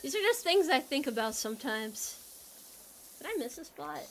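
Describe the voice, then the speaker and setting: A woman's voice: sits high, very animated, normal speed, a bit bright, a little hiss or hum. A young woman streamer chatting casually with her viewers while she plays, rambling and joking and laughing often.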